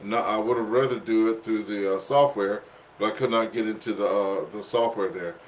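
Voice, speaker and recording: A man's voice: on the low side, fairly even intonation, normal speed, a little hiss or hum. Ham radio net host, male, casual rambling talk, coughing fits, out of breath. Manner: rambling with many fillers, says "there" often.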